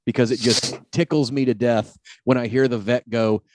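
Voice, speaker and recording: A man's voice: medium pitch, steady tone, noisy background. A man hosting a podcast, chatty and jokey in casual conversation. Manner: chatty and jokey, quick to laugh. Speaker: podcast host.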